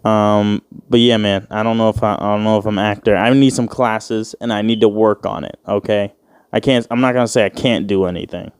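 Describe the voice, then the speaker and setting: A lowish, steady male voice moves briskly with a clean tone in a clean studio recording without room sound. The speaker, in his twenties, hosts a casual solo podcast where he rambles, jokes, swears heavily and performs quoted voices.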